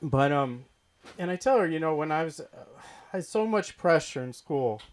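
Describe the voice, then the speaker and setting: A man from Boston doing open mic stand-up, halting and hesitant with deadpan punchlines, on a comedy club stage mic. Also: a little high.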